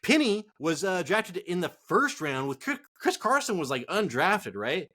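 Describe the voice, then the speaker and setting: A man's voice: high-pitched, big pitch swings, moderate pace, bright, forceful tone. A man co-hosting a fantasy football show, ranting casually with heated swearing. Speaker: fantasy football podcast co-host. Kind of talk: casual profane rant.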